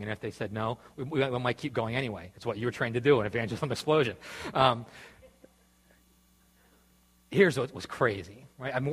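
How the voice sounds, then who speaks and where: Male pastor, mid-range and husky, rambling storyteller, long hall reverb. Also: mid-range voice. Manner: rambling, casual, with many fillers and restarts. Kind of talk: storytelling sermon talk.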